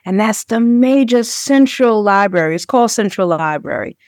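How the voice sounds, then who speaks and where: A woman raised in Brooklyn talks through her memories in an interview, thoughtful and easygoing. Her pitch sits in the middle of the range. The mic sound is dry and close. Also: animated, normal speed, a little mellow, dry recording. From Brooklyn, New York. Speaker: author, interview guest. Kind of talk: conversational interview answers.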